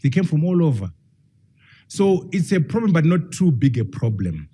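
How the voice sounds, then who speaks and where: A husky-voiced man lectures a live audience with real drive. His pitch is fairly high and swings widely as he leans on key points. He keeps throwing rhetorical questions at the room. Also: sing-song, normal speed, mellow. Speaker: professor giving a public talk.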